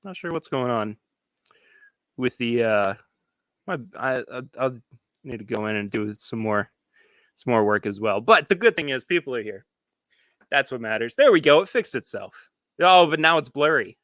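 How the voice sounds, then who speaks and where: A man chats casually as host of a live stream from his home studio, his voice bright and forward. He rambles and restarts his sentences as he goes, reading viewer comments aloud. The sound is dry, with the room barely heard. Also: mid-range voice, expressive, moderate pace, long pauses, dry recording. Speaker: podcast host.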